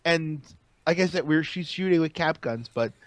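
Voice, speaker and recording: High-voiced, excitable podcast man. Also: normal speed, no echo. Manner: animated, profane, emphatic. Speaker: podcast co-host. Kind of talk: casual wrestling podcast chat.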